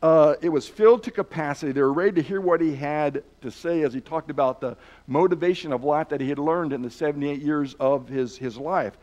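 A man with a fairly high voice tells a story as part of a teaching lesson. He builds tension with pauses and often starts his words over as he goes. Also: darkish tone. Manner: dramatic retelling with pauses and restarts; repeats words while telling. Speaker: Bible teacher.

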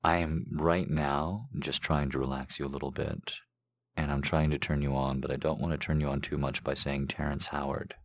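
Host, male, very low bass voice, drawn-out dramatic poetry delivery with a teasing, flirty streak between readings. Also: little pitch movement. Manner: slow, theatrical, booming recitation; flirty, joking banter. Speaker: host reading poems and taking fan calls. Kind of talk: comedic live show with dramatic poetry reading.

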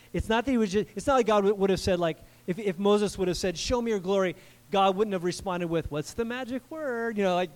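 A man preaching a sermon in an animated, conversational way, with frequent asides to the congregation. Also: sits high. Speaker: pastor.

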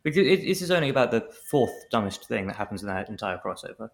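A man's voice: lowish voice, very animated, quick pace, creaky. A man co-hosting a podcast in casual chat, joking and rambling with many restarts. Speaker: podcast co-host.

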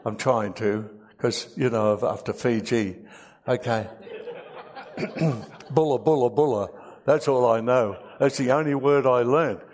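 A man's voice: mid-range voice, steady tone, a little slow. A man preaching a sermon, reading scripture aloud and adding emotional, humorous asides.

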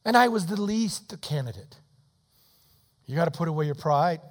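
A man in his sixties preaching an altar call in a church, swinging between soft pleading and loud shouting. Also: a little high, lively intonation, normal speed, pauses often. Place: church sanctuary. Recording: long hall reverb.

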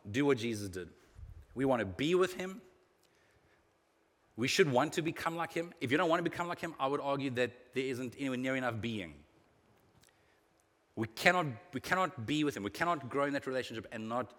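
Pastor, lively sermon delivery, mid-range voice, long hall reverb. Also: male voice, mid-range voice. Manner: lively, animated preaching with sudden swings in loudness.

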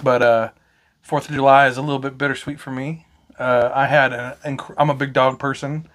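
A man's voice: medium pitch, flat delivery, brisk, fairly bright tone. A man in his thirties, co-hosting a podcast at home, chatting casually and telling stories with plenty of swearing. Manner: swearing, storytelling. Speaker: podcast co-host. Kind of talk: casual chat.

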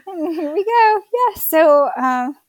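A woman's voice: very high voice, very animated, slow, no echo. A woman in her thirties from Florida casually telling her birth story as a guest, chatty with many fillers.

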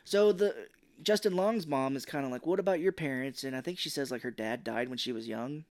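A man's voice: medium pitch, fairly quick. A man co-hosting a podcast, casually retelling a movie plot, acting out the characters' lines and swearing freely. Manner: animated, acts out quotes, swears freely. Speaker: podcast co-host.

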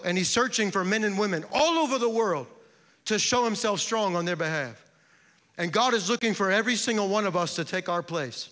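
A man's voice: sits high, brisk, a bit bright. A man preaching a sermon as pastor, impassioned, with repeated refrains. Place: large church sanctuary. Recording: long church hall reverb.

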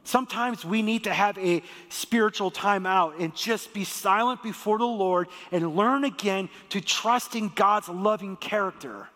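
A man with a high voice delivers a sermon in a lively, joking storytelling manner. His voice rings with the long reverb of a church hall. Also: a little slow, few pauses. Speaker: pastor.

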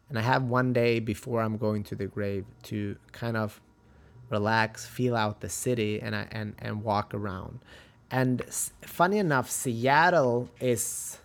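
Swedish-accented man, podcast host, gravelly voice, chatty storytelling, motivational. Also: medium pitch, a bit bright. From Sweden. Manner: chatty, motivational, with frequent restarts. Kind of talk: casual storytelling monologue.

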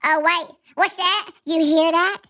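A man's voice: extremely high pitch, steady tone, unhurried, sharp tone, heavily acted. A man voicing a hyper, chatty male hamster who tells a story to kids in a silly, joking way. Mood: excited. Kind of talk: kids' comedy podcast storytelling.

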